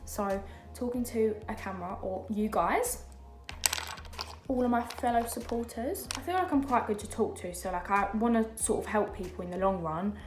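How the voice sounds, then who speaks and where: A woman's voice: medium pitch, expressive, normal speed, a little mellow, echoey room, faint music behind. A young woman, chatting casually and rambling with lots of fillers while doing her makeup at home. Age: young adult. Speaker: beauty vlogger. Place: home during lockdown.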